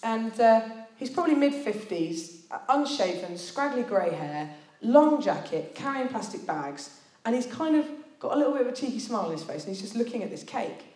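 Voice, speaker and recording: A woman's voice: a little high, big pitch swings, normal speed, a little mellow, echoey room. A woman giving a sermon to students, telling a personal story in a chatty, self-deprecating way with plenty of fillers. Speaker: speaker at a student church meeting.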